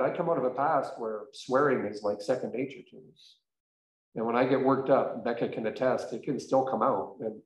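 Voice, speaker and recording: A male pastor telling a story in a conversational, emphatic sermon. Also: mid-range voice. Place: church sanctuary. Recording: echoey church room.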